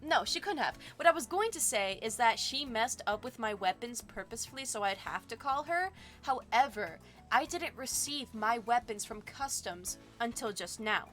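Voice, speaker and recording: Reading a visual novel aloud on stream, an excitable young woman gushes in asides between lines of text. She speaks at a normal speed in a bright, fairly high voice while soft game music plays behind her.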